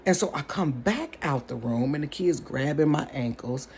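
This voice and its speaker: Animated gravelly woman telling a story. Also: deep voice, normal speed, slight background noise. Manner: animated, chatty, addresses the audience directly. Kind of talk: casual storytime. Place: bedroom.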